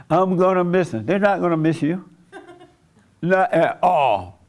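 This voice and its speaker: A man's voice: high-pitched, animated, takes it slowly, pauses often. A man preaching a sermon in a conversational way, chuckling often and acting out the voices of people he quotes. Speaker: pastor.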